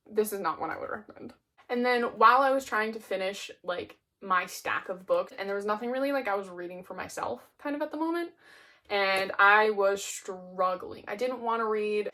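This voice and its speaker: A young woman reviewing her monthly reads on camera. She talks in a relaxed, rambling way, dropping "like" into nearly every sentence. Her voice sits at an ordinary middle pitch. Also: moderate pace. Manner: chatty, peppered with "like". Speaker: book reviewer. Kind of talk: casual chat.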